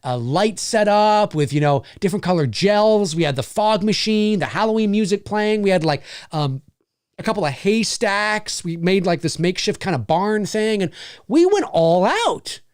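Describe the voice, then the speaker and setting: Animated man hosting a livestream. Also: sits high, moderate pace, clean tone, no room sound, studio quality. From Canada. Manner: animated, profane, laughs often. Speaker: livestream host. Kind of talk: casual livestream chat.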